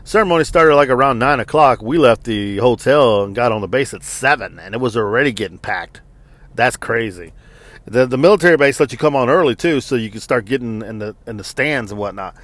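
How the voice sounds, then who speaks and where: A man's voice: medium pitch, lively intonation, a little fast, a bit bright, dry recording. A man in his forties and army veteran telling a story in a casual, profane and exasperated rant.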